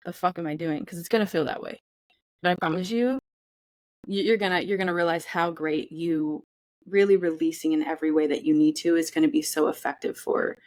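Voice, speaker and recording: A woman's voice: on the low side, a little mellow, dry recording. A woman co-hosting a podcast in casual chat, candid and profane, acting out feelings in quoted voices. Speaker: podcast co-host.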